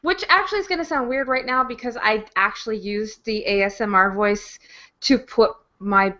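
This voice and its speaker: A woman co-hosting a book club on a video call, giggly and lively. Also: fairly high pitch, moderate pace. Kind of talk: casual video-call chat. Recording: dull lo-fi webcam call audio.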